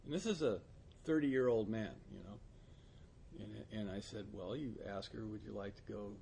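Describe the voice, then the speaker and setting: A man's voice: fairly low pitch, moderate pace, gravelly, dark tone, a little hiss or hum. A man in recovery telling a story in casual chat, often laughing mid-sentence and acting out quoted lines. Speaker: podcast guest in recovery.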